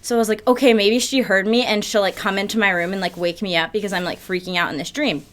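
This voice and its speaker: A woman's voice: mid-range voice, fairly even intonation, fast talker, fairly bright tone. A young woman vlogging to camera, telling a story in a breathless, casual way, full of "like" and swearing. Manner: breathless, filler-heavy, peppered with "like" and swearing. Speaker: YouTube vlogger.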